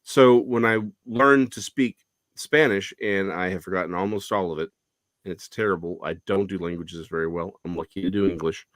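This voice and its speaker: Lively, talkative man with a low voice. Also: moderate pace, no room sound. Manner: lively, talkative, frequent self-corrections. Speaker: guest. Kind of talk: casual conversation.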